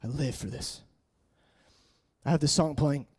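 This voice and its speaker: A man in his late twenties preaching an emotional personal testimony, shifting between hushed murmurs and raised, intense passages. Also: unhurried, husky. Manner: earnest, swinging from hushed murmurs to raised, high-pitched intensity.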